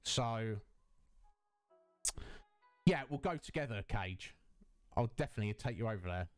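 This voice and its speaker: A man streamer in casual chat, effusive and chatty, warmly greeting viewers by name. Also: on the low side, lively intonation, measured pace, faint music behind.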